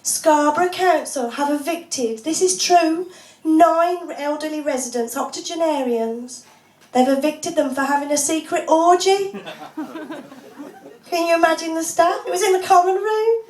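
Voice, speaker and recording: A woman doing a stand-up comedy set of deadpan one-liners, laughing often. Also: extremely high pitch, a little slow. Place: small pub comedy club, audience laughing. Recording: echoey room, voice from far off.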